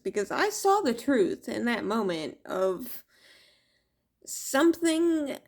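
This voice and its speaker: Slow-talking laughing tarot reader woman. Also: fairly high pitch, a little mellow. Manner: laughing, swearing, rambling storyteller. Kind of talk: casual monologue to camera.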